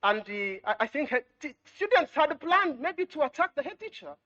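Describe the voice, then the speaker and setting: A woman education official addresses students in a high, very animated, somewhat bright voice at a moderate pace. She exhorts them, repeating points, asking rhetorical questions and often saying "you know." The sound is lo-fi.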